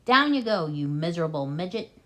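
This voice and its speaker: A woman's voice: on the low side, big pitch swings, fairly quick, pushed and bright. A woman voicing a tall, skinny, cruel male farmer who sneers and gives orders in a storybook reading. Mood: sneering. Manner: sneering, commanding.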